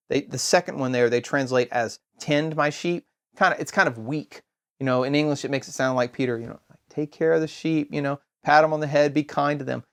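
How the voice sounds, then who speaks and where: A man giving a scripture lesson in a steady explanatory way, posing rhetorical questions and pausing for emphasis. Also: on the high side. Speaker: Bible teacher.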